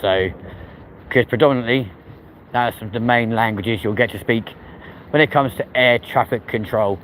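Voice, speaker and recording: A cheeky man rambles chattily to his live viewers as he walks outdoors through a city at night. His voice sits at an ordinary middle pitch. The phone mic picks up clear traffic and street noise behind him. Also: normal speed, fairly bright tone, rough recording. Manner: chatty, cheeky, banters with passers-by. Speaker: vlogger. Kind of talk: casual live-stream chat.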